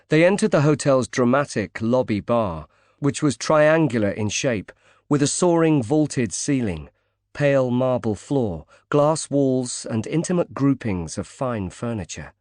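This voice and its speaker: In a mid-range voice, a man narrates a thriller audiobook from a script with a calm, even delivery. The studio recording is clean, with no room sound.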